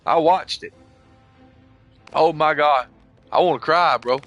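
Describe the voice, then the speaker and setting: A man's voice: fairly high pitch, slow pace, a bit bright, soft background music. An older man telling a long, rambling, emotional story in casual chat, swearing often and saying "bro" and "you know what I mean" again and again. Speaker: gamer chatting on voice chat.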